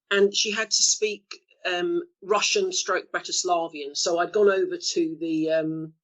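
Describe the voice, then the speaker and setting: A middle-aged woman telling stories as an interview guest, acting out the quotes with lively shifts of voice and frequent laughs. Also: fairly low pitch, low-quality recording. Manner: lively storyteller, acts out quotes, laughs often. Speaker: actor being interviewed. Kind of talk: anecdotal interview chat.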